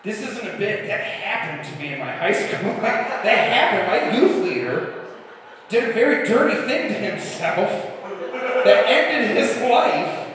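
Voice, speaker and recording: A man's voice: high voice, very animated, measured pace, distant mic, noisy background. A male stand-up comedian telling rambling, irreverent stories on a live comedy club stage. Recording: echoey hall, room mic from afar.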